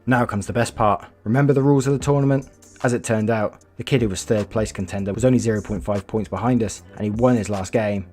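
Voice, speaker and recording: A man's voice: lowish voice, fast, a little mellow, faint music behind. A man hosting a channel, reading viewer stories aloud in a casual, chatty way, laughing often and swearing freely. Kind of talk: casual read-aloud storytelling with commentary.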